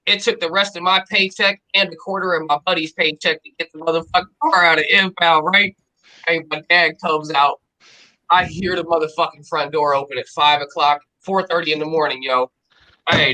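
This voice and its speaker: A man hosting a casual stream, telling a drunken night-out story in slangy, profane, animated talk. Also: fairly high pitch, low-quality recording.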